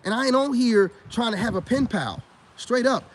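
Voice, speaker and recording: A man's voice: very high-pitched, moderate pace. Profane boastful middle-aged man ranting. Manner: profane, boastful, street slang. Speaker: online commentator. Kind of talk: ranting monologue.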